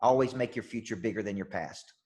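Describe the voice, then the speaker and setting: A man's voice: fairly low pitch, brisk, darkish tone. A man with a Southern US accent giving an intense, upbeat motivational coaching talk, repeating key phrases and checking in with his listeners. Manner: emphatic and repetitive, checks in with "okay?" and "right?". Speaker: life and business coach. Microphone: online call session.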